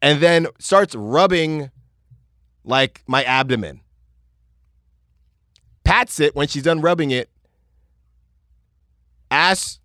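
A man's voice: fairly high pitch, no echo, clean studio sound. Rambling young man telling a story. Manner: rambling, lots of filler words and restarts, animated retelling. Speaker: podcast host. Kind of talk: casual storytelling monologue.

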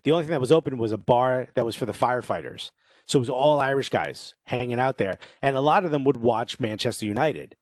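A man in casual podcast chat, telling lively stories and mimicking accents. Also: medium pitch, no echo. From Cuban family, grew up in New Jersey. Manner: animated storyteller, quick to mimic accents.

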